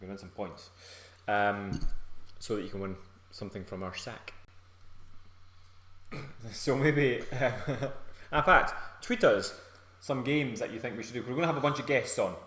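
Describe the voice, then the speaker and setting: A man's voice: medium pitch, moderate pace, long pauses, fairly bright tone. A Scottish man co-hosting a casual live stream as a fitness coach, joking, laughing and reading viewer comments aloud. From Scotland. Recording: roomy echo.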